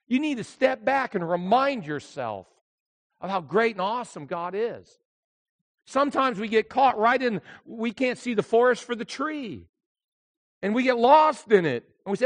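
Storytelling older male pastor, high voice. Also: lively intonation, normal speed. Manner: storytelling, swings from hushed to shouting. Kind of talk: sermon.

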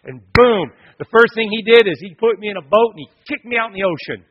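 A man's voice: sits high, animated, fast talker, highs cut off. A man preaching a sermon, telling personal stories with joking asides to the congregation. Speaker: pastor.

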